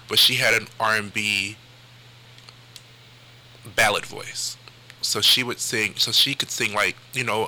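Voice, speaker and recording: A man's voice: lowish voice, bright, forceful tone, slight background noise, rough recording. A man talking as a music historian guest on a radio show, hesitant and using fillers. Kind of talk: radio interview answers. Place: radio studio.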